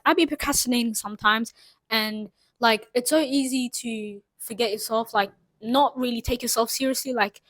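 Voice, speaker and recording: Speaking to the camera in a slightly high voice, this young vlogger from Saudi Arabia gives a casual, sincere motivational talk that wanders through asides. She leans heavily on "like" and "you know what I'm trying to say," captured in a low-quality recording without echo.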